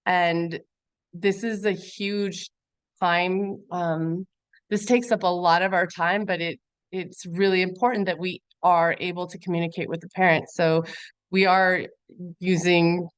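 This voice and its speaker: Brief: woman presenter on a webinar, low smooth voice, dry close sound, earnest and chatty. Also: fairly even intonation, measured pace, dry recording. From Montana. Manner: earnest, conversational with frequent fillers. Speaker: guest presenter. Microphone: video call.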